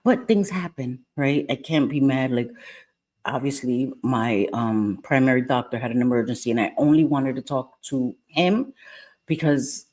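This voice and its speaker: Middle-aged female streamer, low register, rambling friendly chat, hushed so as not to wake the house. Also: moderate pace. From Puerto Rican heritage. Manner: chatty, greets viewers by name, rambling asides; keeping her voice down. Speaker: live-stream host. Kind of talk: casual live-stream chat. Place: at home.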